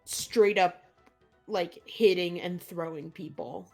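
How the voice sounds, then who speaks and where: A woman runs a tabletop game, narrating slowly and easily. She pauses often and laughs along, with faint music under her voice. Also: fairly low pitch, creaky. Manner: relaxed narration with frequent "uh" and laughs. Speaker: game master.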